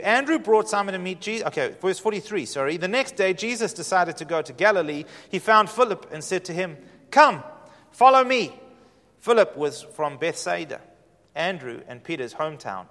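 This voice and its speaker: High-voiced pastor preaching in a reverberant hall. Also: male voice, lively intonation, fairly quick. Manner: earnest, inviting, shifts from hushed to emphatic. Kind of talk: sermon.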